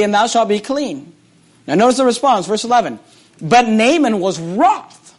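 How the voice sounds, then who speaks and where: A man preaching a sermon, reading scripture aloud and retelling it with animated, repeated phrases that swing between loud and hushed. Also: very high-pitched.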